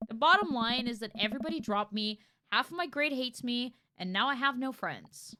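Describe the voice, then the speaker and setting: A woman's voice: a little high, expressive, moderate pace, bright, forceful tone, faint music behind. A woman voicing a dejected teenage girl in a dating game, read close to her own voice. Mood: hurt. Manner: plain reading, near her own voice.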